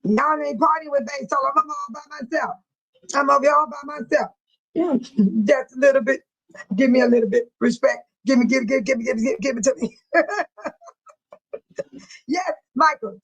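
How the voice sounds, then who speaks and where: A woman's voice: high voice, normal speed, pauses often, breathy edge, poor audio. A woman hosting a casual livestream, reading viewer comments aloud and teasing her viewers. She giggles often between her remarks. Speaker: livestream host.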